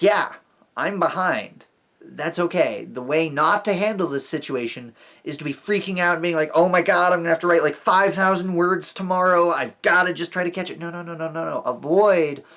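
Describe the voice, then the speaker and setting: A man who teaches talks in a casual vlog monologue, rambling and reassuring, often stammering on repeated words. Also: fairly high pitch. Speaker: vlogger and teacher.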